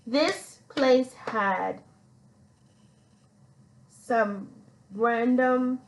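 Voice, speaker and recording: A woman's voice: fairly high pitch, drawn-out words, rough recording. A woman hosting a podcast, telling a personal story in a rambling, chatty way and calling herself "your girl". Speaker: podcast host.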